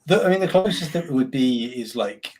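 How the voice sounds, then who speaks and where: A man's voice: medium pitch, lively intonation, brisk, darkish tone, a little hiss or hum. A man co-hosting a gaming podcast, giving dry, wry replies in casual chat. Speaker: podcast co-host.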